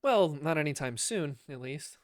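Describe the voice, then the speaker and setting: A man voicing a brisk, businesslike female officer who talks matter-of-factly. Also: sits low, animated, dry recording, studio quality.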